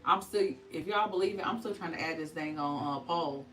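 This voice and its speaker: A middle-aged woman with a low voice chats loosely with her livestream viewers, laughing as she goes. She is a little away from the mic, and faint music plays behind her. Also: a little fast, fairly bright tone, recorded from a distance, poor audio. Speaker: skincare specialist hosting a livestream. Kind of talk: casual livestream chat.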